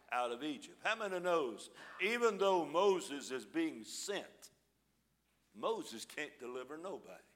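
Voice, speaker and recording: A man preaching a sermon, reading scripture aloud with dramatic pauses and explaining it in a folksy, informal way. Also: a little high, sharp tone. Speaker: pastor.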